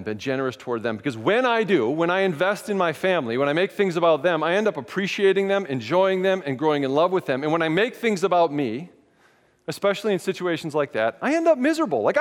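Male pastor, higher voice, candid self-mocking sermon, long reverb of a large church hall. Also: expressive, quick pace.

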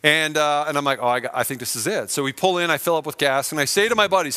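A man's voice: a little high, quick pace, sharp tone. Man preaching in a reverberant hall. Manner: conversational, self-deprecating storytelling with acted-out quotes. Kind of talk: sermon with storytelling.

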